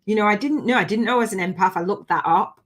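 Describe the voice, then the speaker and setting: A woman hosting a live online coaching session in a gushing, animated way, sometimes near tears. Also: mid-range voice, quick pace. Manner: gushing, animated, often laughing; emotional, near tears at times. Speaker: spiritual business coach hosting a live challenge. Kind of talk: live-streamed coaching chat.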